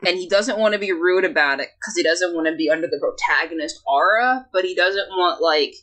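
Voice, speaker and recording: A woman's voice: on the low side, a little fast, a bit bright. A woman reading fanfiction aloud and riffing on it, laughing often as she goes. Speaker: fanfic reader and co-host. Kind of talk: casual comedic reading and riffing.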